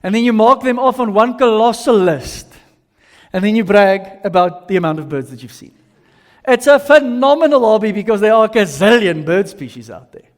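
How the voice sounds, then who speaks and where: A man preaching a sermon as pastor, telling lively stories with casual slang. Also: very high-pitched. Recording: long reverb of a large hall.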